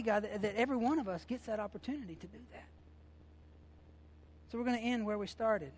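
A man's voice: high-pitched, a little fast, long pauses, a little mellow. A man preaching a sermon as pastor, impassioned and conversational, repeating phrases and using informal, folksy grammar.

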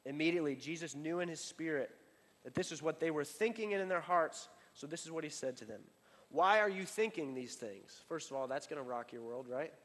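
Conversational preacher in a reverberant hall. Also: male voice, fairly high pitch, fast. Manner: conversational, many fillers and restarts, building emphasis then dropping soft. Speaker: pastor. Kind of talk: sermon.

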